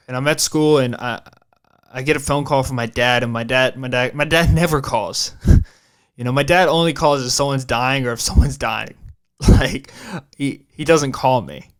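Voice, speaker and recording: Young man telling a halting story. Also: medium pitch, fairly even intonation, clean tone. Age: young adult. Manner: halting and repetitive, restarting phrases, casual swearing. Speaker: podcast host. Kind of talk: personal storytelling on a podcast.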